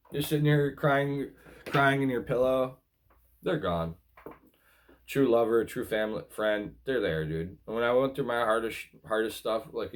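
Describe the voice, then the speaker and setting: A man talking casually to viewers about relationships, earnest and repetitive, often calling them guys. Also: lowish voice. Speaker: relationship advice vlogger. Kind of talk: casual spoken advice.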